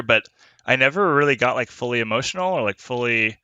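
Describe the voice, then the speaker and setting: A man's voice: mid-range voice, animated, fast, bright, forceful tone, smooth, no echo. A young man co-hosting a podcast in casual chat, rambling with lots of filler words and swearing freely. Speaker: podcast co-host.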